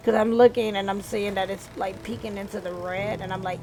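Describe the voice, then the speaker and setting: Soft-spoken, giggly streamer woman. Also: mid-range voice, fairly even intonation, a little fast, crowd noise, low-quality recording. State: voice a bit rough. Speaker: game streamer. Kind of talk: casual live-stream commentary. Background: game music.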